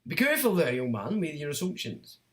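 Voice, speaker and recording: Middle-aged man hosting a livestream, blunt and mocking, high-pitched, roomy echo. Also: fairly quick. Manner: blunt, animated, mocks whiners in put-on voices. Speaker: livestream host reading chat comments. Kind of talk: casual livestream monologue.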